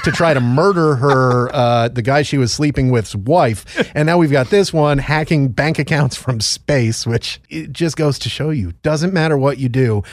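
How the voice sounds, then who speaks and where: A man as a podcast guest, sarcastic and animated in casual chat, laughing a lot. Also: mid-range voice, moderate pace, hardly any pauses.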